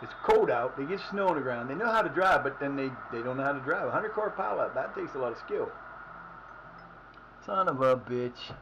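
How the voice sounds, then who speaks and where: A man's voice: mid-range voice, expressive, fairly quick, lo-fi sound, background noise. A man streaming a football game live, swearing often as he rants at his team's play. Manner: frustrated, profane ranting at the game.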